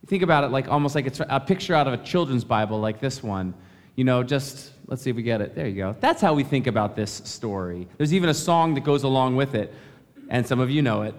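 A man's voice: medium pitch, expressive, fast. A man pastor giving a conversational, friendly sermon in a church sanctuary. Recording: reverberant church hall.

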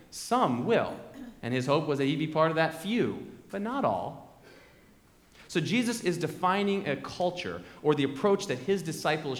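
A pastor preaches a sermon in a large church sanctuary, conversational in tone and fond of repeated refrains. His voice is on the high side and fairly bright, and the echoey hall adds long reverb.

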